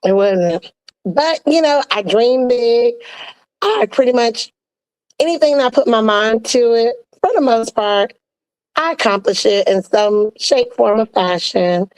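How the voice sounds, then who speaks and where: A woman speaking as a podcast guest in casual, reflective chat, telling stories in an expressive, colloquial way over a video call. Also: fairly high pitch, measured pace, clear, resonant tone, no room sound, rough recording.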